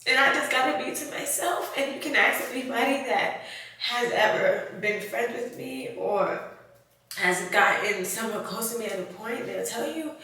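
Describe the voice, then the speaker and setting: A woman YouTuber talking in a confessional vlog, emotional and halting, with sighs, fillers and a tight throat. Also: a little high, pushed and bright. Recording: very echoey room, voice far from mic.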